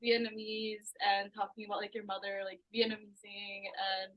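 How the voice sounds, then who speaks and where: A woman with a medium-pitched voice asks a book club question. She sounds hesitant and halting. She pads her speech with "like" and "um" as she gropes for words. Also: flat delivery, dull audio. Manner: hesitant, halting, many "like" and "um" fillers. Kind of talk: casual question.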